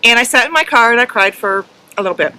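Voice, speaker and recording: Middle-aged woman, podcast co-host, bright open voice, heartfelt, halting storyteller. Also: fairly high pitch, expressive, low-quality recording. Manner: earnest, emotional, halting with many ums. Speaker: podcast co-host and herding judge. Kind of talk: casual storytelling chat.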